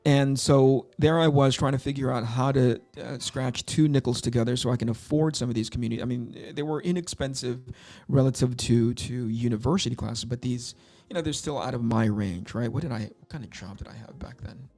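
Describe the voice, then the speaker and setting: Brief: middle-aged male stream host, mellow gravelly voice, rambling self-deprecating storyteller. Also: mid-range voice, fairly quick, hardly any pauses. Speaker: livestream host. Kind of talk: casual livestream chat while drawing.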